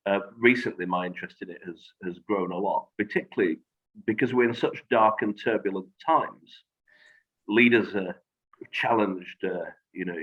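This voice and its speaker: A man speaking as a guest in a reflective conversation, measured and thoughtful, pausing on fillers. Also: low-pitched. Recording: dull lo-fi audio.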